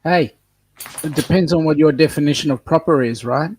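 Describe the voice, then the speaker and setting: An Australian man in casual chat, trading teasing jokes. His voice sits a little high for a man. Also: fairly quick, a little mellow, slight background noise. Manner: joking, teasing banter.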